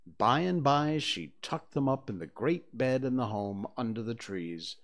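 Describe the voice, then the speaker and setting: Man reading a storybook aloud, slow and unhurried, lively sing-song pitch, expressive. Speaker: reader of a serialized book. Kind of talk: storybook read-aloud narration.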